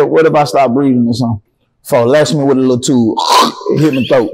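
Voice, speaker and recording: Animated young man from Atlanta. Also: mid-range voice, a little fast, breathy edge. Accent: Atlanta Southern. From Atlanta, Georgia. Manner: animated, profane storytelling with acted-out dialogue. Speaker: interview guest. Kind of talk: casual storytelling interview.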